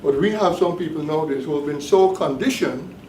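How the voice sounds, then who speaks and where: A male professor lecturing with deliberate emphasis, circling back to repeat his key points. His fairly high voice is picked up from across the room, so it sounds roomy and echoey. A faint hum of background noise sits under him. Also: a little mellow. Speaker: professor leading a course. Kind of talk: classroom lecture. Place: bookstore cafe classroom. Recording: echoey room, mic at a distance.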